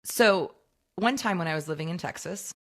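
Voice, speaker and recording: A woman's voice: fairly low pitch, moderate pace. An American woman co-hosting a casual podcast, telling a meandering story. She rambles and laughs easily, in an offhand, conversational delivery. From United States. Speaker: podcast co-host. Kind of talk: casual chat.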